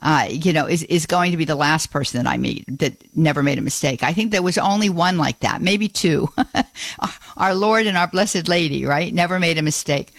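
A woman's voice: on the low side, no echo. A woman hosting a Catholic call-in radio show, folksy and exclamatory as she responds to callers. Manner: warm-hearted, exclamatory, folksy.

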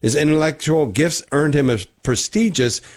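A man's voice: a little high, moderate pace, darkish tone. A man co-hosting a casual morning radio show, reading history items with wry jokes and some stumbles. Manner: joking, wry asides; reads segments with stumbles. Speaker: radio co-host.

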